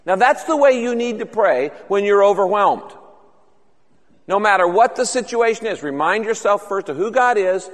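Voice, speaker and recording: High-voiced man preaching in a hall. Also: expressive, moderate pace. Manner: earnest, conversational preaching with quoted prayers. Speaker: pastor. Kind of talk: sermon.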